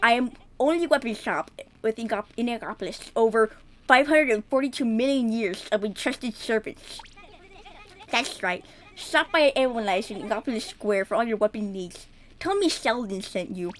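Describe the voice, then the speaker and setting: A woman's voice: on the high side, expressive, normal speed, slight background noise, close to an everyday voice. A woman voicing a nerdy male horseshoe-crab weapon shopkeeper with an exaggerated nerdy voice while reading game dialogue aloud. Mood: eager.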